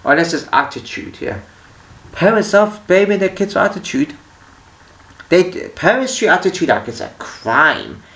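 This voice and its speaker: A man's voice: high-pitched, very animated, normal speed, creaky, fairly bright tone, recorded from a distance. A man ranting casually to camera about people who annoy him, in a rambling way with many restarts. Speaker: vlogger. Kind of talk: casual opinion rant to camera. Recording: echoey room, voice a bit off-mic.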